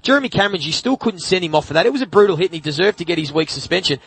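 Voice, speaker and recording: Fast-talking Australian co-host, firm opinions. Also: male voice, high voice, animated, a bit bright, breathy edge. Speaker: radio co-host. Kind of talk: sports radio discussion.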